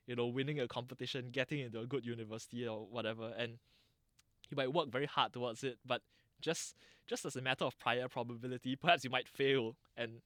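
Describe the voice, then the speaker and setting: A man's voice: mid-range voice, a bit bright, no echo, studio quality. A man with a Singaporean English accent, answering interview questions in a thoughtful, lecturing way with frequent restarts and fillers. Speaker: interviewee, dialect channel founder.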